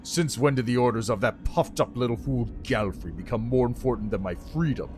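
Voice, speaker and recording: A man doing a dry rasping old lich. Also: medium pitch, fairly quick, a little mellow, soft background music, close to an everyday voice. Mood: angry lecturing. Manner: lecturing, condescending. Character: ancient male lich, imperious scolding teacher.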